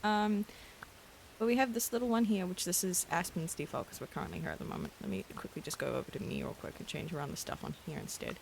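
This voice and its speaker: A woman streaming a game late at night, chatting casually in a hushed voice, giggling and gushing over cute things. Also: fairly low pitch, animated, quick pace, vocal fry, noisy background. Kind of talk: casual live-stream chat while gaming.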